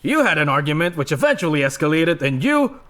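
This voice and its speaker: An actor dubbing a smug police investigator who questions a suspect with condescending sarcasm. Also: male voice, a little high, big pitch swings, a little fast, fairly bright tone. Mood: mocking.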